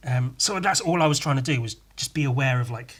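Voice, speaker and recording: A man's voice: mid-range voice, fast talker, fairly bright tone. A man hosting a podcast on his own, rambling through a story in a sweary, self-deprecating way with lots of restarts. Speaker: podcast host. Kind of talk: casual solo podcast monologue.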